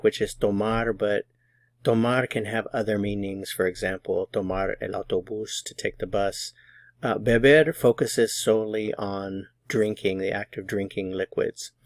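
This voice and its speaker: Male language teacher, low-pitched, unhurried, methodical delivery, dry close recording. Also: dry recording. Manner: patient, methodical, slows down on example phrases. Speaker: Spanish teacher. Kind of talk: explaining grammar lesson.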